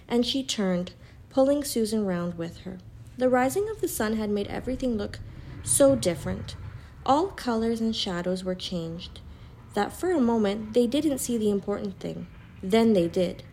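A woman reading a children's storybook aloud in a calm, even narrating voice. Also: a little high, normal speed, slight background noise.

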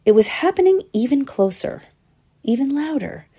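A woman's voice: high-pitched, moderate pace. A woman narrating a storybook, giving each character its own voice. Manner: lively, voicing each squirrel.

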